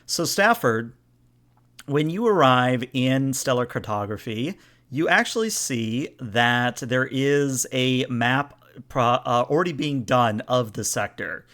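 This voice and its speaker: A man's voice: medium pitch, takes it slowly. Guy gm'ing a star trek game on a call, chatty and easygoing, mid-range voice. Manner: relaxed, explains rules and scenes in a chatty way. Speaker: game master. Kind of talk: narrating a tabletop game over a video call.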